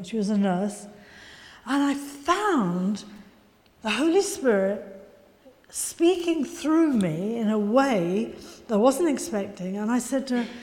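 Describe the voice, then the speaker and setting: A woman preacher with a fairly high, loud voice that carries through the room. She tells her testimony earnestly and presses her listeners with urgency. The sound is roomy, with a long echo from the chapel hall. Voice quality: loud, carrying voice. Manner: earnest storytelling, urgent exhortation. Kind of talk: testimony sermon. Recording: echoey hall, long reverb.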